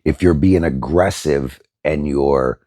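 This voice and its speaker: A man's voice: extremely low pitch, slow pace, dark tone, no room sound, studio quality. A middle-aged man telling a story casually to his viewers, blunt and profane, with many fillers. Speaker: vlogger.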